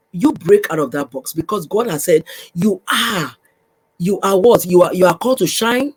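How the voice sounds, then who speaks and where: Woman podcast host, husky, exhortative, repeats key phrases to the listener. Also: on the low side, expressive, normal speed, rough recording. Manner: repetitive, exhorting, addresses listener warmly. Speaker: podcast host, pastor's wife. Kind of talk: faith podcast teaching.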